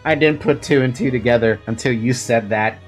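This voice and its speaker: A streamer giving casual let's-play commentary, with giggly, animated asides. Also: mid-range voice, fairly quick, soft background music.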